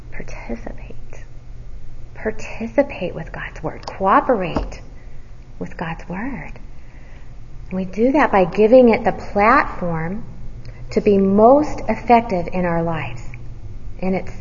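A woman preaching a sermon. She asks the listeners questions and answers them herself, and she sometimes drops to a hushed near-whisper for emphasis. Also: medium pitch. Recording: dull audio with long hall reverb.

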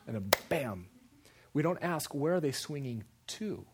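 A man preaching a sermon in an animated way, with repeated emphasis and acted-out quoted voices. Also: a little high, measured pace, noisy background. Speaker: preacher or teacher.

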